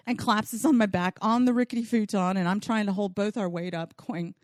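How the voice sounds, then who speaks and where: A woman's voice: mid-range voice, fairly even intonation, a little slow, dry recording, studio quality. A woman telling a bawdy comic story from her own life on a podcast, laughing often and acting out the voices she quotes.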